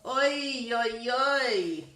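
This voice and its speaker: A woman's voice: on the high side, animated, extremely slow, bright, forceful tone, heavily acted. Woman putting on a sighing old sitter. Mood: groaning. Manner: sighing, weary kvetch. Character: elderly woman babysitter, kvetching and affectionate. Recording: roomy echo.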